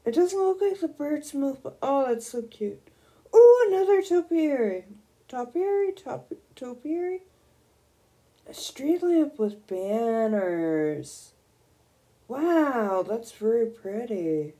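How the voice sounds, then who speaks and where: A young woman streaming a video game, gushing and excitable as she squeals over new items. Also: fairly high pitch, slow pace. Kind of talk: casual gameplay commentary.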